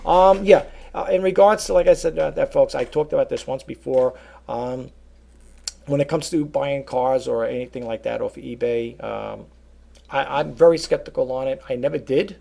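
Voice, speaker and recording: A man's voice: medium pitch, moderate pace, creaky, dark tone. A middle-aged man rambling casually to his viewers, full of fillers and asides, calling them folks. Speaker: vlogger and eBay reseller. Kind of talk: casual rambling talk to camera.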